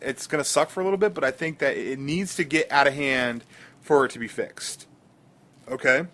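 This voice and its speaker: A man's voice: mid-range voice, moderate pace, bright, forceful tone. A man co-hosting a casual podcast, rambling through stories with many fillers and restarts. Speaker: podcast co-host.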